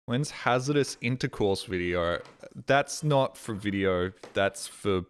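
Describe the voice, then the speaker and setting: A man's voice: fairly low pitch, expressive, takes it slowly, clear, resonant tone. A young adult Australian man streaming on a headset mic, chatting casually in a rambling way and swearing freely. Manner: rambling, swears casually, mimics voices in quotes.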